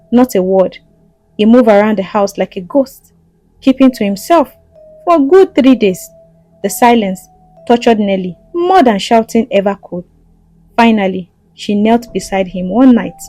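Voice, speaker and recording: A woman's voice: a little high, mellow, dry recording, low-quality recording. A woman narrating a scripted story in a dramatic way, with asides to the listener.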